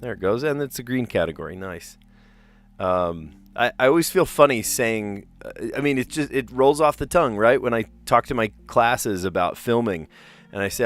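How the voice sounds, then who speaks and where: A man's voice: medium pitch, animated, moderate pace, faint music behind. A man chatting casually on a live stream while he plays word puzzles, rambling and laughing often. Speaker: teacher.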